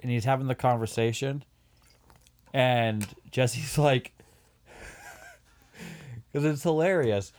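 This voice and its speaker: A man's voice: mid-range voice, slow, pauses often, a little mellow. Plain-spoken male podcast co-host. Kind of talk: casual chat.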